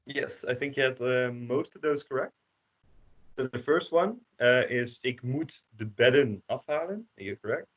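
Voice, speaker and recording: A Dutch man teaching a language class online, explaining slowly with many hesitations. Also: medium pitch. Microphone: computer microphone on a video call. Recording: dull lo-fi call audio.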